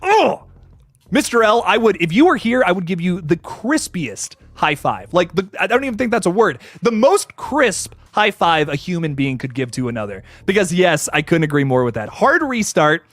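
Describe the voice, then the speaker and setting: A man hosting a horror livestream, chatting casually and reading viewer comments, excitable and profane, laughing often and swinging from low mumbles to loud bursts. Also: normal speed, dry recording, faint music behind.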